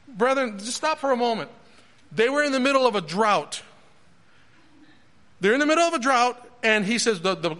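A man preaching a sermon, asking questions aloud and retelling a story with animated, halting restarts. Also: extremely high pitch.

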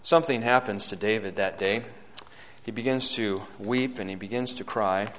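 A male preacher delivering a sermon, swinging between loud, fervent climbs and hushed, low passages, and reading scripture aloud in old-fashioned wording. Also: fairly even intonation, moderate pace. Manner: reads scripture aloud in King James wording.

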